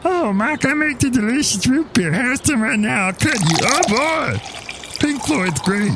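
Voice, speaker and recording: A man voicing an excitable, goofy male brewmaster who brags about his root beer. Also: very high-pitched, measured pace, background noise, voice pushed up, exaggerated voice. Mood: excited. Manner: excitable, silly.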